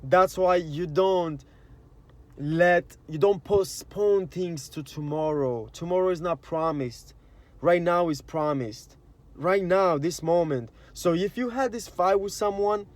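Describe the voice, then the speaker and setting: A man's voice: a little high, unhurried. Slangy, earnest man musing on love. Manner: rambling and earnest, acts out quoted inner voices; slangy, frequent "you know" and "like". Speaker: spiritual vlogger. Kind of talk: casual spiritual monologue.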